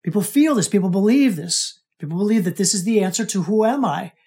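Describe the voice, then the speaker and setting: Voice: medium pitch, fairly quick, dark tone. A coach giving a casual teaching talk to students, speaking conversationally, checking in with "right?" and often repeating or restarting words. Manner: conversational, keeps asking "right?".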